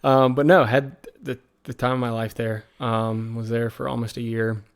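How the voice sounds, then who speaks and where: Gravelly Southern American man. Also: mid-range voice, flat delivery, moderate pace. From Virginia, USA. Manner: rambling, full of fillers and quoted asides. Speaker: podcast guest. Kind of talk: casual conversational storytelling.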